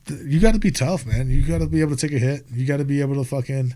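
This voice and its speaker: Young American man, podcast guest. Relaxed, rambling, swears freely, mid-range voice. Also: mid-range voice, rapid-fire. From United States. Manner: profane, laid-back, rambling. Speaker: podcast guest, skate filmer and wrestler. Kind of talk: casual podcast chat.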